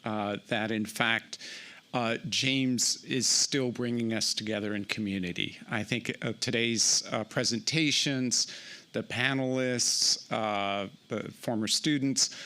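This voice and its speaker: A man offering formal thanks on behalf of a university department. He speaks very slowly in a bright, clear voice. His phrasing is halting and measured, dotted with many fillers. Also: mid-range voice. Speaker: department representative. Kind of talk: formal thank-you remarks.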